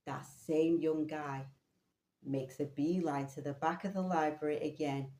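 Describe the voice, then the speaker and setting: A woman vlogging a personal story, animated and swearing casually. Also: low-pitched, measured pace, echoey room.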